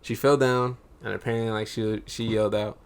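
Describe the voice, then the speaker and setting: A man on a podcast, casually retelling a news story in a relaxed way and chuckling as he goes. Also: lowish voice, fairly quick, smooth. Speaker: podcast regular. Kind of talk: casual chat.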